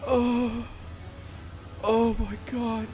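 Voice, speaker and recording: A male streamer talks in an unhurried drawl, excitable and quick to dissolve into laughter. He reads story text aloud with theatrical flair. Soft music plays faintly under his voice. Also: very high-pitched. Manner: excitable, breaks into laughter, theatrical when reading. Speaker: live streamer. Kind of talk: casual live-stream chat and dramatic reading. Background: faint background music.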